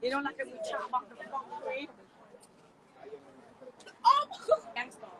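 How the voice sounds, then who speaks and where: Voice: high-pitched, very animated, unhurried, a crowd in the background. A companion talking in a casual, teasing way.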